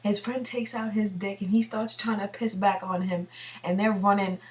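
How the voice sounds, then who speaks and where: A young woman tells a story in a rambling, profane, animated way, sitting at a computer in her home bathroom. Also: medium pitch, normal speed, recorded from a distance. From New York City. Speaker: vlogger. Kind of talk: casual storytelling. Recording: voice from away from the mic.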